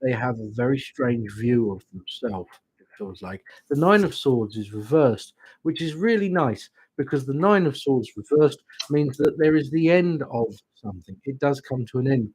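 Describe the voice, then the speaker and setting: Male host doing tarot readings on stream; husky tone, animated delivery, gentle and reassuring. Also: mid-range voice, dry recording. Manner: gentle, reassuring, checks in with "okay?".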